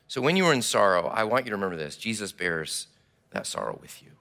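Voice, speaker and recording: A man preaching a sermon, telling the story with animated, acted-out delivery. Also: fairly low pitch, quick pace, creaky. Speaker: pastor.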